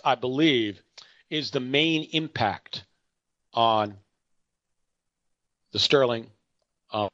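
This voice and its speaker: A man's voice: mid-range voice, fairly bright tone, dry recording, highs cut off. Rambling man talking markets. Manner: rambling, self-correcting, with frequent asides; chatty anecdotal storyteller. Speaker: market commentator. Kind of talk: unscripted market commentary monologue.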